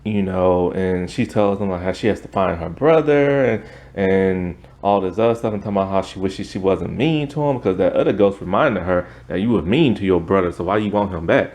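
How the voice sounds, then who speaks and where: A man's voice: low-pitched, fairly quick, a little mellow. Rambling man full of fillers. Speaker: TV episode reviewer. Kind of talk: casual spoken review, retelling a plot.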